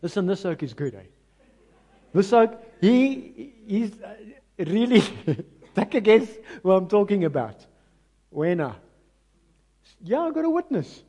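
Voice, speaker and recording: A South African pastor preaching a sermon with an Afrikaans-mixed accent. He talks to the congregation conversationally, pokes fun at himself, and swings between loud, emphatic lines and hushed ones. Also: high-pitched, very animated, unhurried, pauses often. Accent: South African, mixing in Afrikaans. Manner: self-mocking, conversational asides to the congregation.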